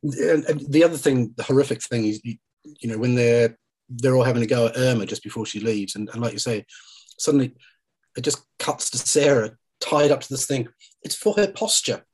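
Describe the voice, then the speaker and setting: Husky-voiced man in casual film chat. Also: medium pitch, fairly quick, darkish tone, low-quality recording. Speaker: podcast host. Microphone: remote call.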